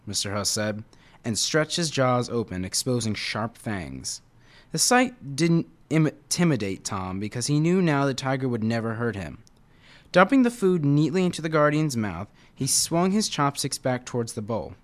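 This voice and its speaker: A man's voice: mid-range voice, animated, a little slow. A man reading a children's novel aloud in a casual way, with slips and restarts. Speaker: reader.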